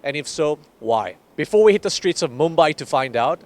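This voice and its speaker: A man's voice: a little high, expressive, fairly quick, darkish tone. A man giving an upbeat, scripted narration to open a street interview show.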